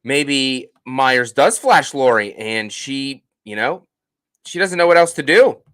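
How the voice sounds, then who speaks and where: Male stream host, casual chat, jokey, lively pitch, dry close sound. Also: slow pace, clean tone, no echo. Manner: animated and jokey, many fillers and restarts. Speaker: host of a horror movie channel. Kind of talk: casual live-stream chat, reading viewer comments.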